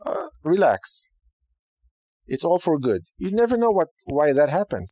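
A man's voice: a little high, a little fast, dry recording. Dry-voiced man teaching casually. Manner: conversational, animated, frequent okay and right asides. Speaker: podcast host teaching Judaism.

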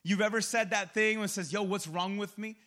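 A man's voice: high-pitched, steady tone, fairly quick, bright, forceful tone. A male pastor preaching a sermon in a casual, conversational way, full of slang and personal stories, acting out his own reactions.

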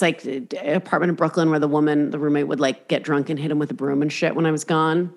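A low-voiced woman speaking at a moderate pace hosts a podcast in casual chat. She swears freely and rambles, restarting mid-sentence, and acts out inner voices as she animatedly tells her stories.

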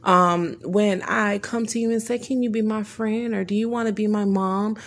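A woman's voice: mid-range voice, fairly even intonation, normal speed. A woman earnestly telling a personal story, retelling conversations in her own words with frequent restarts.

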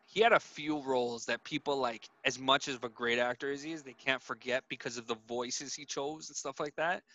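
A man's voice: medium pitch, steady tone, fairly quick, sharp tone, no room sound, dull audio. A man hosting a podcast, easygoing and loose, with many fillers. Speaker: podcast host. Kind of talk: casual chat.

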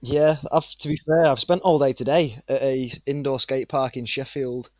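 A man in his twenties with a northern English accent, a guest chatting in a relaxed, rambling way with plenty of fillers. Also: medium pitch, moderate pace, dry recording, lo-fi sound. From England. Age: 20s. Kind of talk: casual interview chat.

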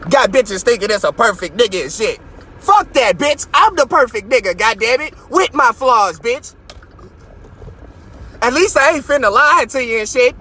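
A man hosting a live stream, ranting in a profane, mocking way from his car and sometimes breaking into shouts. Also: extremely high pitch, expressive, normal speed, breathy edge. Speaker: podcast host.

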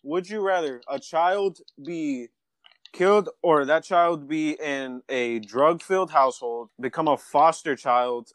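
A man's voice: on the high side, measured pace, fairly bright tone, no room sound. A young American man in a casual group chat, blunt and offhand, swearing casually. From United States. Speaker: participant.

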